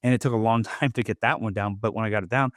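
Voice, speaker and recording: Hosting his own podcast, this man speaks fast in a fairly low, steady voice, rambling casually and peppering his talk with "like" and "right?". It's studio quality with no room sound.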